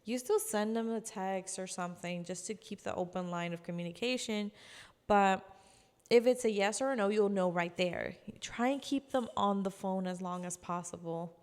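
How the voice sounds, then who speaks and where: A woman giving casual sales training, chatty, acting out customer calls in quick voices. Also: mid-range voice, clear, resonant tone, big-room sound. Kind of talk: casual instructional talk.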